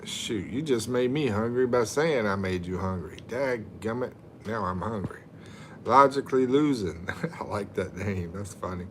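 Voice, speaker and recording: A man's voice: fairly low pitch, normal speed, slight background noise. A middle-aged man, chatting casually on a livestream and reading viewer comments aloud with jokes. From USA. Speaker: livestream host.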